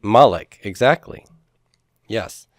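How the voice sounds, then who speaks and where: A man's voice: lowish voice, animated, takes it slowly, no echo. A man teaching a Hebrew grammar class who explains each step patiently and puts questions to his students. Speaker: Hebrew instructor.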